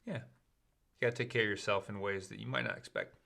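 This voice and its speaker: A man co-hosts a relaxed podcast with a bright, forward voice. He talks in easygoing banter, tossing in dry jokes and casual asides to his co-host. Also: lowish voice, brisk, gravelly. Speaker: improviser. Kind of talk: casual chat.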